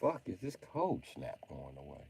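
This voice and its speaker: A man ranting on a casual livestream, profane and loud, breaking into high mock pleading. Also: huge pitch swings, moderate pace, vocal fry, slightly rough.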